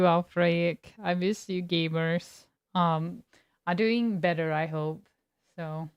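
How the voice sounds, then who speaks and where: Slow-talking, giggly woman streamer. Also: mid-range voice, clean tone, no room sound, clean studio sound. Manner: laid-back, giggly, greets chat by name. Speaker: game streamer. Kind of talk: casual chat with live viewers.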